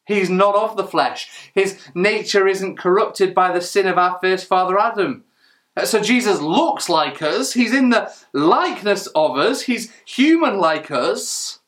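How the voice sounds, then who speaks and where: A man's voice: sits high, animated, a little slow, fairly bright tone. Male preacher with a slightly raised voice delivering an earnest, emphatic sermon. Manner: earnest, emphatic, with rhetorical questions and small restarts.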